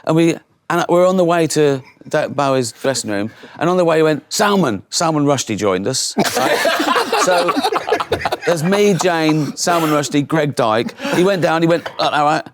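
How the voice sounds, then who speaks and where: A man's voice: a little high, animated, moderate pace, slight background noise. A man, telling anecdotes in a casual chat and acting out other people's voices. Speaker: guest comedian.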